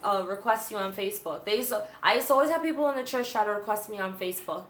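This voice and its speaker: Racing along in a mid-range voice, a livestreamer sarcastically and animatedly recounts her time in a church group and reads out comments from viewers. The recording has a roomy sound.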